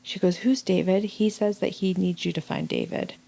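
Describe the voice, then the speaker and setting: A middle-aged woman telling a personal story in casual chat, animated, acting out the voices of people she quotes. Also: on the low side, moderate pace, creaky. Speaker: guest.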